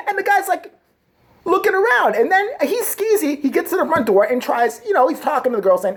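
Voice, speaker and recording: A woman's voice: sits high, very animated, moderate pace, breathy edge. A woman vlogger delivering a crude, sarcastic comedic rant. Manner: crude, sarcastic, swings into mocking voices.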